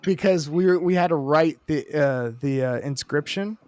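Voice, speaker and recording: A man in his thirties co-hosts a comedy podcast, talking in a slightly high voice with mock-grand introductions and easy laughs. His voice is close and dry, with no room sound around it. The talk is loose, quick to joke, and full of asides. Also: darkish tone, no room sound. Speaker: podcast co-host. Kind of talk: casual comedic chat.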